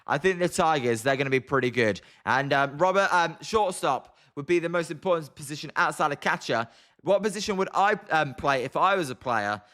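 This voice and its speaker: A young man with a British accent, hosting a live stream where he comments on a game and answers chat in a quick, chatty way. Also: a little high, pushed and bright. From Britain. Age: young adult. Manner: fast-talking, chatty. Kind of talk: live watch-along commentary and chat replies.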